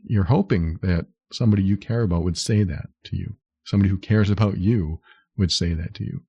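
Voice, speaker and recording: Low mellow guy doing a solo podcast, earnest, explains stuff step by step, dull dry sound. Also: brisk, husky, no echo. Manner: earnest, explains step by step, acts out quoted lines. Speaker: podcast host. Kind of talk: solo podcast advice talk.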